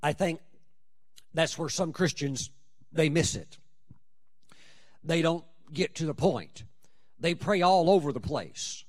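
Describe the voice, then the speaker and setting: A man preaching a sermon, emphatic, with dramatic swings in loudness and pitch. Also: expressive, slow pace, pauses often. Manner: acts out prayers and scripture in quoted voices.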